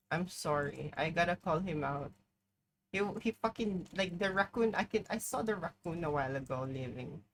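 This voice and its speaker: A woman's voice: lowish voice, a little hiss or hum, rough recording. A woman streamer talking through a live game, exclaiming, swearing and poking fun at herself. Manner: swearing, exclaiming, self-mocking. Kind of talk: live gameplay commentary.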